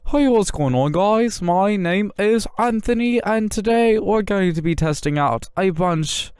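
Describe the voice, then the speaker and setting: A man impersonating a well-known Minecraft YouTuber, giving a bouncy video intro in a high, sing-song voice. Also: animated, measured pace, a little mellow, clear, resonant tone, no echo, studio quality. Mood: hyped.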